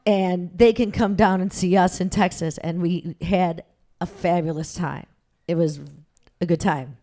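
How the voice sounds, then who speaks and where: A woman's voice: on the low side, fairly even intonation, measured pace, dark tone. A middle-aged woman telling a personal story on stage before a live audience, chatty and self-mocking, laughing as she goes.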